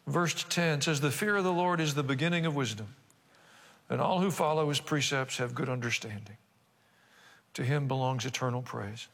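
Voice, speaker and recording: Older pastor preaching in an echoing hall. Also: male voice, on the high side, a bit bright. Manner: conversational preaching with asides and rhetorical questions. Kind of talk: sermon. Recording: reverberant church hall.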